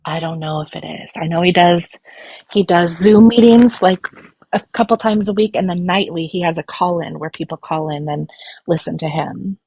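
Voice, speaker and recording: A woman's voice: on the low side, moderate pace, creaky, darkish tone, breathy edge, dry recording. A woman speaking as a guest on a live stream, worried and rambling with many fillers. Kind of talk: casual chat.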